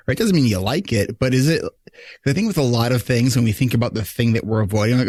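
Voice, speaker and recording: A man's voice: medium pitch, animated, quick pace, darkish tone, dry recording, clean studio sound. A man hosting a podcast, giving advice in a loose conversational way, often asking "right?". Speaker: podcast host. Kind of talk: casual advice chat.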